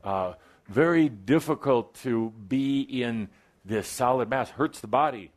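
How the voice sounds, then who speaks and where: Speaking a little slowly in a medium-pitched voice, a male channeler addresses a gathered live audience in an event hall with a spiritual talk. His delivery mixes wry, playful asides with sudden bursts of emphasis.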